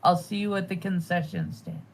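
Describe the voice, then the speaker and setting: A woman co-hosting a casual chat, dry and deliberate, pressing to wrap up the show. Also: fairly low pitch, fairly even intonation, slight background noise, rough recording. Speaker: co-host.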